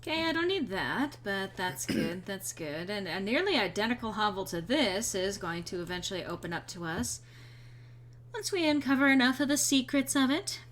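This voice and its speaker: A woman's voice: mid-range voice, sing-song, normal speed, fairly bright tone, slight background noise. A woman streaming a game, chatting casually with playful, rambling asides. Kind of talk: casual gameplay commentary.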